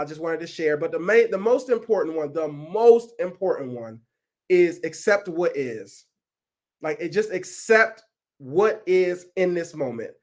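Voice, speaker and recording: A man leading a resilience workshop over a video call, animated and casual, often checking in with his listeners. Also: high voice. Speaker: workshop facilitator. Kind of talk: energetic coaching talk on a video call.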